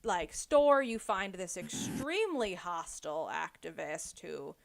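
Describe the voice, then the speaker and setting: A woman's voice: fairly low pitch, unhurried, gravelly. Chatty woman recapping a book. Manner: animated retelling with lots of "like" and "um". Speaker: podcast host. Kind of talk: casual book club chat.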